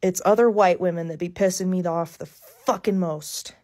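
A woman's voice: fairly low pitch, moderate pace, darkish tone. A woman ranting angrily to camera, swearing constantly and furious. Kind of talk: angry rant to camera.

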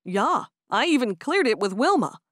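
A woman plays a calm young Amish man who gives gentle, teasing orders in a firm, steady voice. The sound is dry and close, with lively pitch. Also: moderate pace, no echo. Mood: warm. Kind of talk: audiobook character voice.

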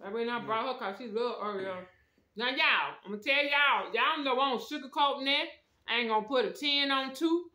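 Chatty bright-voiced woman reviewing snacks. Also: high-pitched, fairly quick. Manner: chatty, talks straight to viewers with slang. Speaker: food review vlogger. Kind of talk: casual snack review talking to viewers. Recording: echoey room.

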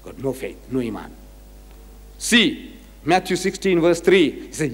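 A man giving a lively religious lecture, emphatic and repetitive as he cites scripture. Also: high-pitched, moderate pace, pauses often. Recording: echoey lecture hall.

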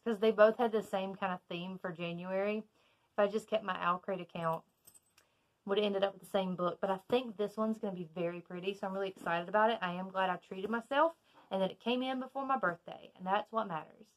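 A woman's voice: mid-range voice, fairly quick. Southern woman, chatty book vlogger, gushes over each item, casual unboxing in her bedroom. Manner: chatty, excitable, gushing. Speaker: book YouTuber. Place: bedroom at home.

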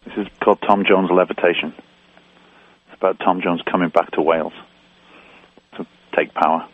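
Brief: man, relaxed rambling musician, phone-line sound, slightly husky. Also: deep voice, normal speed, no room sound. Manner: easygoing, rambling. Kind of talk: casual phone chat.

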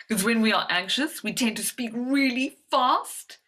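Woman confidence coach, bright voice, animated and instructive presenter. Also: a little slow, hardly any pauses, rough recording. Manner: animated demonstrative delivery, swings pitch and volume. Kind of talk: presentation to medical professionals.

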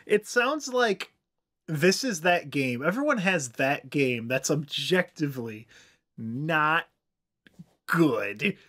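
Male podcast co-host, bright tone, slightly high, quick jokey asides. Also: expressive. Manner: laughs often, quips short jokes. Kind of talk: casual chat.

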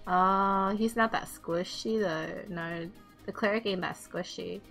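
A woman giving live gameplay commentary, excitable, swearing and laughing, with squeals when things heat up. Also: on the low side, takes it slowly, gravelly, faint music behind. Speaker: game streamer.

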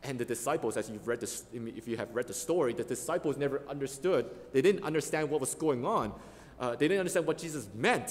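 A male pastor delivers an earnest sermon in a church sanctuary, stressing key words with emphasis. His mid-pitched voice rings with the long reverb of a large hall.

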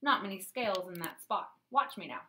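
A woman's voice: mid-range voice, expressive, brisk, pushed and bright, a little hiss or hum. A woman voicing a big, bossy male sports coach who barks orders at boys. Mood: barking. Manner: barking orders.

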